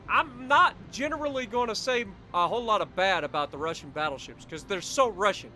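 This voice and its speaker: A man's voice: high voice, brisk, hardly any pauses, bright, forceful tone, soft background music. A man hosting a gaming channel, giving chatty, enthusiastic and jokey commentary over his gameplay.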